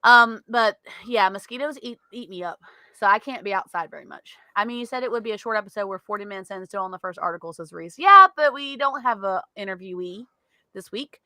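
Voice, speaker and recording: A woman's voice: medium pitch, lively intonation, a little fast, pushed and bright, dry recording. A woman with a Southern US accent, co-hosting a podcast in casual chat, chatty and laughing often. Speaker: podcast co-host. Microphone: studio mic.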